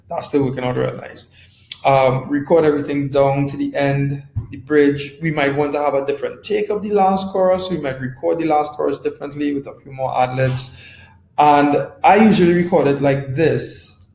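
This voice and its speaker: A man, a music producer giving a casual webinar lesson, relaxed and conversational, often checking in with "right?". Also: a little high, reverberant, slight background noise, poor audio. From Trinidad and Tobago. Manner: relaxed, conversational, repeats phrases and asks "right?". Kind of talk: casual instructional talk.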